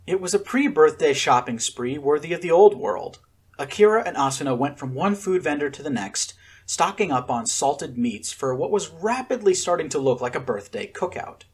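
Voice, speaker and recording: A man narrating a fan-fiction story as an expressive audiobook reader. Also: on the high side, husky.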